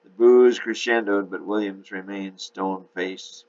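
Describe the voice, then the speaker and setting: Deep-voiced man narrating a novel. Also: little pitch movement, normal speed, sharp tone, muffled recording.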